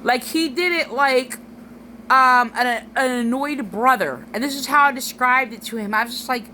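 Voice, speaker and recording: A woman's voice: high-pitched, normal speed, sharp tone, slight background noise, rough recording. A tearful woman rambling through a personal vlog monologue, full of restarts and fillers.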